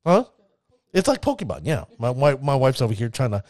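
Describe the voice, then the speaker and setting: A man hosting his own podcast in excitable, hype-building casual talk, rambling with restarts as he announces guests and reads out cards. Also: medium pitch, a little fast, no room sound. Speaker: podcast host.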